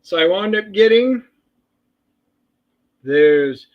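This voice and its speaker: A man co-hosting a casual livestream, talking excitably in rambling, sarcastic banter. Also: sits high, extremely slow. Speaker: co-host and writer. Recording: dull lo-fi sound.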